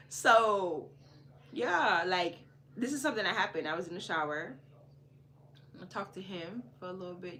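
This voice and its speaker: Jamaican woman podcast host, bright tone, casual animated storyteller, swings from hushed to loud. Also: mid-range voice, moderate pace. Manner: animated, repeats phrases for emphasis, swings between hushed and loud.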